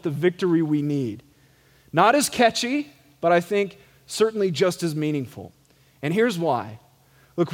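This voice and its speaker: A middle-aged man preaches in a high, light voice. His delivery is conversational and self-deprecating rather than grand. The church live-stream recording carries a long reverb tail. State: some gray hair. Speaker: pastor. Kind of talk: sermon. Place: church sanctuary.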